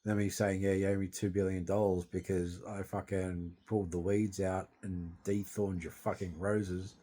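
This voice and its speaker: A man's voice: low-pitched, flat delivery, moderate pace, dark tone. A young Australian man in distress, grieving and venting in a rambling, sweary monologue into his phone.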